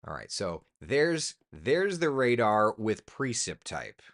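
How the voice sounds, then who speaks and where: A man, a TV meteorologist, chatting casually through the weather, relaxed and talkative with asides and fillers. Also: on the low side, slow. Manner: relaxed, chatty, thinking aloud with ums and asides.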